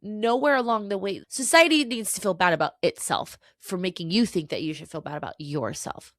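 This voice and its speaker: A woman's voice: lowish voice, sing-song, brisk, a bit bright, dry recording, studio quality. A woman hosting a solo podcast, giving an earnest, emotional pep talk with some swearing. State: tearful at times. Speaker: podcast host.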